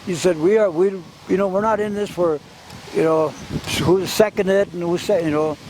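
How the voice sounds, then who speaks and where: A man recounting past events as oral history, speaking haltingly and often repeating and restarting his words. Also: sits high, steady tone. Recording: wind noise on the mic.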